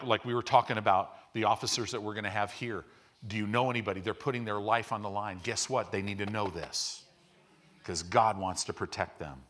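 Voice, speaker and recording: A middle-aged male pastor preaching a sermon, shifting from quiet explanation to loud, fervent exhortation and leading the congregation in call-and-response. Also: lowish voice.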